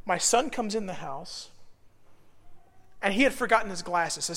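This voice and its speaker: High-voiced, animated preaching man. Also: normal speed, vocal fry, pauses often. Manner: animated, self-deprecating storyteller who builds to shouts. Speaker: pastor. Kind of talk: sermon with personal storytelling. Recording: long reverb of a large hall.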